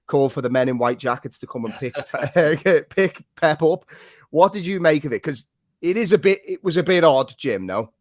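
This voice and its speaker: A man hosting a football podcast, steering the talk with lively questions and hesitant fillers. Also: medium pitch, no echo, studio quality. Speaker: podcast host. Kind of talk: casual football chat.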